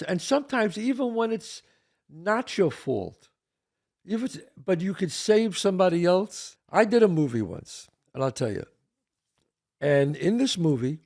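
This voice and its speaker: An older man, co-host of a casual talk show, telling stories with lively gestures and acting out the people he quotes. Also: fairly high pitch. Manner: animated, acts out quoted voices. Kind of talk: casual storytelling chat.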